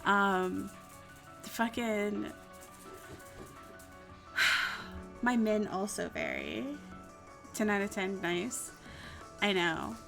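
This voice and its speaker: Very animated and gravelly, a young adult woman's medium-pitched voice sounds pushed and bright, with drawn-out words and frequent pauses. She's live streaming over faint music, casually answering viewer questions in a giggly, rambling way and swearing freely.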